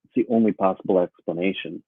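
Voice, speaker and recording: A man doing a deadpan stand-up routine with dry punchlines, heard over a call. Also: sits low, fast talker, breathy edge, no echo. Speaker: comedian guest. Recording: tinny phone-like line.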